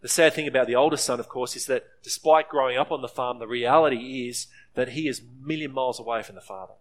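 A man preaching a sermon, earnest, briefly acting out the voices in the story. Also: fast talker. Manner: earnest preaching, acts out quoted voices with rising pitch. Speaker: pastor.

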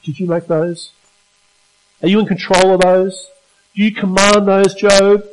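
Male preacher mid-sermon in a church service, slightly high-pitched, emphatic delivery with questions to the congregation. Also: flat delivery, measured pace, a little hiss or hum, rough recording.

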